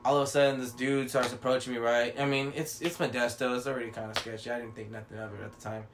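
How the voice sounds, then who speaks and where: A man's voice: medium pitch, little pitch movement, quick pace, noisy background. A man telling a long story in casual chat, rambling and swearing, acting out what others said. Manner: rambling, profane, with many fillers and acted-out quotes.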